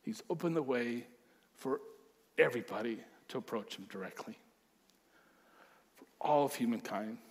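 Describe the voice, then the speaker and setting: A man's voice: mid-range voice, expressive, moderate pace, pauses often. A male pastor preaching a sermon, emphatic, with repeated phrases and acted-out quotes.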